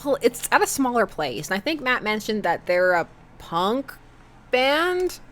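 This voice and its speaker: A woman's voice: fairly high pitch, big pitch swings, a little slow, fairly bright tone, pitched above the performer's own voice. A woman reading the lines of a nervous middle-aged single father in a dating game, hesitant and earnest.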